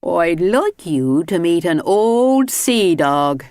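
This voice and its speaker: A stubborn old lighthouse keeper, gruff and proud, speaks slowly with a lively, rolling pitch, as a woman narrator puts him on. The sound is close and dry. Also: no room sound.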